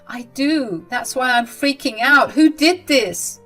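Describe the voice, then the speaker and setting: A woman's voice: high-pitched, animated, slow pace, fairly bright tone, soft background music, voice pushed up, full character voice. A woman voicing a protective young bride who speaks emphatically and with outrage. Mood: alarmed.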